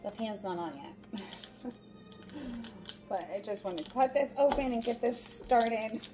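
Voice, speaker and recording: A woman's voice: on the high side, expressive, a little slow. A woman hosting a casual cooking demonstration in a home kitchen, chatting through each step as she works. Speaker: cooking show host. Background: background music.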